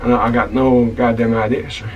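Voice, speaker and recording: An actor playing a self-righteous scoundrel tavern keeper in a comedy web series, telling an indignant, stammering monologue and calling the listener son. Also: male voice, medium pitch, level tone, fairly quick, far from the mic, dull audio, natural voice. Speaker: title character of a comedy-drama web series. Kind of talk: comic monologue. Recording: voice a bit off-mic, with music behind.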